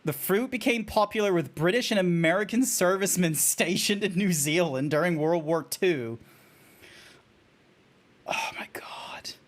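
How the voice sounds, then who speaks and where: An excitable young Australian man chats casually on a game stream, rambling from one bit of trivia to the next and laughing at his own jokes. His voice sits high for a man. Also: moderate pace, hardly any pauses. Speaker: VTuber streamer.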